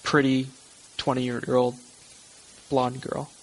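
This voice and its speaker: A man narrating a tabletop horror game as game master over a voice call, with halting, filler-heavy narration. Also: medium pitch, level tone, poor audio. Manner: halting, many fillers and restarts.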